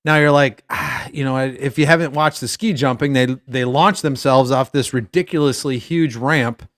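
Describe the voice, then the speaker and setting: A man's voice: mid-range voice, normal speed, fairly bright tone, dry recording, studio quality. A man co-hosting a sports podcast, chatting casually in a rambling, jokey way. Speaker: podcast co-host.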